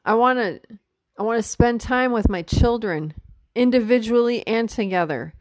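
A woman's voice: on the high side, normal speed, dry recording. A middle-aged woman hosting a casual podcast monologue, talking candidly and with heart, swearing freely and open about her feelings. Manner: emotional, openly tearful at times. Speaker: podcast host.

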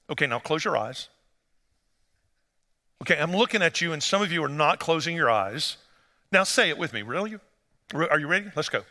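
In a large church hall with long reverb, a pastor delivers a sermon in a slightly high, bright voice. He speaks briskly with frequent pauses, shifting from easy, conversational storytelling to animated emphasis.

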